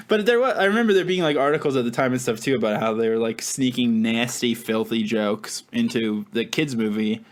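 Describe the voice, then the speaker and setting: Male podcast co-host, mid-pitched, loose rambling banter with frequent laughs. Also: a little fast. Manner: giggly, rambling, self-deprecating. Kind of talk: casual chat.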